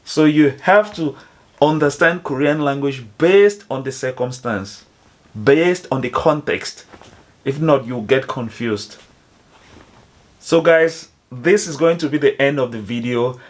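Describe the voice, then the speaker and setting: A man explaining phrases to foreigners in a slow, careful teaching manner, spelling out each example. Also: mid-range voice. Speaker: language teacher.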